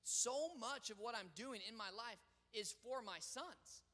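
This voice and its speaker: A young man preaches to his church, his voice sitting unusually high and ringing with a sharp, forceful brightness. He swings from loud proclamation to hushed, conversational storytelling. A long reverb trails his words through the large sanctuary. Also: lively intonation, a little slow. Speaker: pastor. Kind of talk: sermon.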